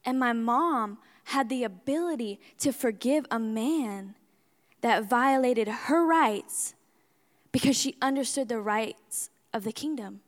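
Bright, animated young woman in a reverberant hall. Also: fairly high pitch, slow pace. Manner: animated, re-enacts her own outbursts loudly. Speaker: speaker at a church service. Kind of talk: sermon testimony.

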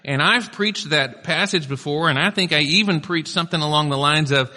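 A man's voice: on the high side, fairly quick, few pauses, pushed and bright. A male pastor preaching a sermon in a conversational style, with casual asides to the congregation. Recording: long hall reverb.

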